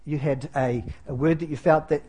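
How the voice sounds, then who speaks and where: A man's voice: a little high, fairly even intonation, moderate pace, warm tone, slightly rough. A man preaching as pastor in a church, conversational and self-deprecating, with many fillers and restarts. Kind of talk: sermon.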